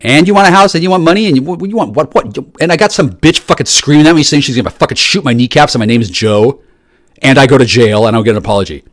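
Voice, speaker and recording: A man in a rambling, profane monologue that swings from shouting to low muttering, often repeating and restarting his words. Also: fast, dry recording, studio quality. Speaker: solo speaker.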